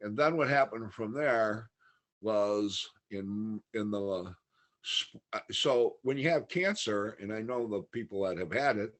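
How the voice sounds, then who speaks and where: A man's voice: lowish voice, expressive, a little slow, a bit bright. A man talking as a podcast guest, telling a long personal story in a candid, matter-of-fact way. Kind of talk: casual interview storytelling.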